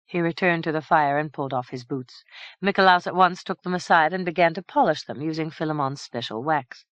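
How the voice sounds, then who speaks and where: Woman narrating a fantasy novel, low voice. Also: dry recording, lo-fi sound. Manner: measured, even storytelling. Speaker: audiobook narrator. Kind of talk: scripted narration.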